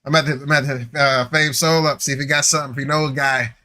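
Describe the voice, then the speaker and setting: A man in his forties co-hosting a live podcast, telling stories in an animated, joking casual chat. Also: fairly high pitch, quick pace. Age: 40s. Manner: animated, joking, laughing storyteller. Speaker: podcast co-host.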